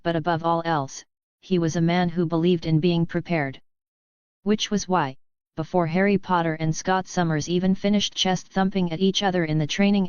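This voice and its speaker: A woman narrating a web novel audiobook in a steady, even storytelling manner, recorded dry and slightly dull. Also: on the low side, smooth, no room sound. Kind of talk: scripted narration.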